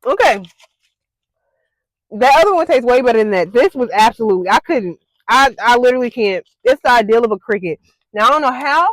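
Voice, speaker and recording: Vlogging casually to the camera, a young woman squeals in a panic, her fairly high, expressive voice moving at normal speed with frequent pauses. Nervous laughter breaks in, "like" and "y'all" pepper her speech, and there's no echo.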